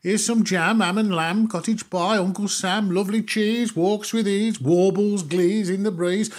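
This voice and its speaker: A man voicing a pushy, chatty male shopkeeper who rattles off rapid lists of goods in a music hall comic patter. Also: high voice, animated, breathy edge, pitched above the performer's own voice.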